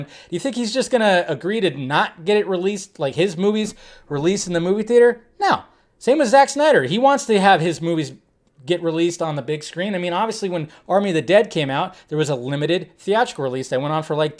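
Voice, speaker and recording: A young adult man talks through film news on his own livestream. His voice sits fairly high, and he rambles in a loose, joking, animated way, jumping between asides. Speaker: livestream host. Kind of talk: casual commentary livestream.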